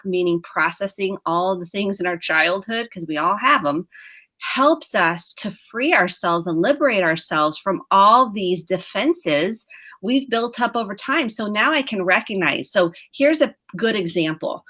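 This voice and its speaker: A woman's voice: medium pitch, fairly bright tone. A middle-aged woman therapist talks earnestly over a video call. She coaches viewers through emotions and slips into short acted-out exchanges with her kids. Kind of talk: casual video chat on mental health.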